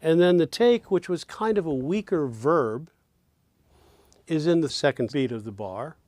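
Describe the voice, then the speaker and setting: Slightly high and a bit mellow, yet animated, this man's voice carries a songwriting lesson recorded without echo. He explains lyric stress and rhythm at a slow pace, counting beats and voicing example lines.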